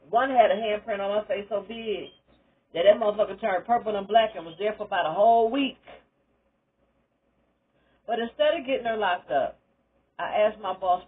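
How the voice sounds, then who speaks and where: A woman's voice: mid-range voice, slightly rough, narrow, tinny audio. An older woman, a retired teacher, telling her own story in a candid, emphatic monologue that encourages listeners. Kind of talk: personal testimony monologue.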